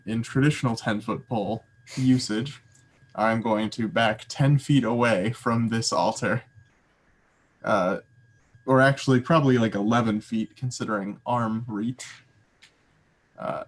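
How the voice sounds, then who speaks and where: A man with a lowish voice talks through his moves at a tabletop game, slow and unhurried. He muses aloud with a playful turn. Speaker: player.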